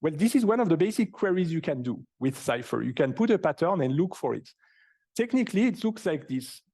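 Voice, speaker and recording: A man's voice: on the high side, sing-song, a little fast, mellow, husky. A man giving a university lecture in a hall, explaining step by step with enthusiasm and rhetorical questions.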